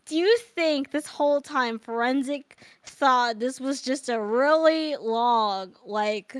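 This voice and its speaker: A woman chatting casually on a stream, giggly and excitable, sometimes reading a story aloud. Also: high voice, slow, no room sound.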